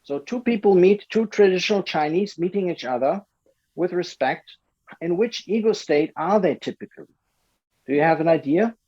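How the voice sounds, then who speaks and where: High-pitched guy coaching a group over a call, acts out little quotes, dull lo-fi sound. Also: normal speed. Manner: animated, acts out short quoted lines. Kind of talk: explaining to a group.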